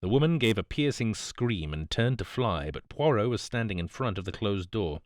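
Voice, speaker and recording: A man narrating an audiobook in a calm, measured storytelling voice on a close mic. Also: fairly low pitch, dry recording. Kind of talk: scripted narration.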